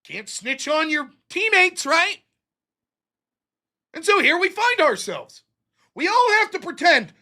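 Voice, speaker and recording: A man's voice: very high-pitched, very animated, takes it slowly, long pauses, sharp tone. A man hosting a political show, ranting with heated sarcasm and plenty of profanity to a live chat. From United States. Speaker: political talk show host. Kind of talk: livestream political rant.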